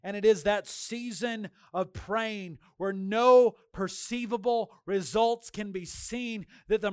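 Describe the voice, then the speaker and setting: High-voiced fervent man preaching. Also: clear, resonant tone, dry recording, studio quality. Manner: fervent, shouting declarations then dropping to quiet storytelling. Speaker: pastor. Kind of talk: sermon.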